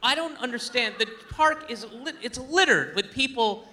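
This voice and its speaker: A man's voice: very high-pitched, moderate pace. A man doing a stand-up comedy routine, rambling and interrupting himself. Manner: rambling, self-interrupting, animated.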